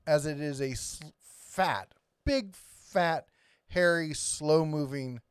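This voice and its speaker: A man's voice: on the high side, slow, clean tone, no echo, studio quality. A man hosting a casual live stream, rambling and reading viewer comments aloud. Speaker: host.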